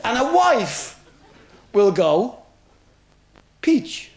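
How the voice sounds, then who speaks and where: A man's voice: high-pitched, sing-song, brisk. A male stand-up comedian telling jokes in a chatty way, full of "you know" asides. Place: club stage before a laughing audience. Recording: crowd noise, noisy 1970s TV recording.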